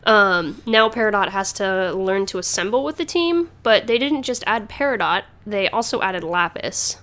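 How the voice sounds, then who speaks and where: A woman's voice: medium pitch, lively intonation, moderate pace, a bit bright. Chatty woman podcast host, rambling. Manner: chatty, rambling, many fillers and restarts, laughs often. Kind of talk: casual chat.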